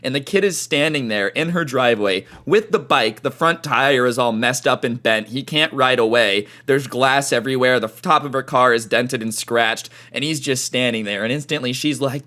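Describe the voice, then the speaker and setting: Casual male storytime vlogger, slangy and animated, average pitch. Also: moderate pace, few pauses. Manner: slangy, lots of dude and like. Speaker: storytime YouTuber.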